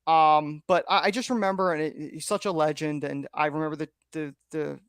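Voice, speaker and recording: Lively storytelling man, higher voice. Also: fairly quick, clear, resonant tone, no room sound, studio quality. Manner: lively storyteller who laughs often. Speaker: podcast co-host. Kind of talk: casual chat, anecdote telling.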